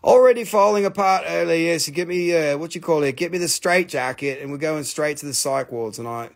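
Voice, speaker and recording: A man's voice: a little high, fairly quick. A man hosting a live crystal sale stream, chatty and self-mocking, joking nonstop with viewers. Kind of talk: casual live sales stream banter.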